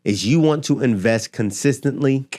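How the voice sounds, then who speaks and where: A man's voice: medium pitch, normal speed, warm tone, slight background noise. A man speaking straight to his viewers in a motivational talk about money, emphatic and building his points with rhetorical questions and repetition. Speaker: finance and motivation creator. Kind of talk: direct-to-camera motivational talk.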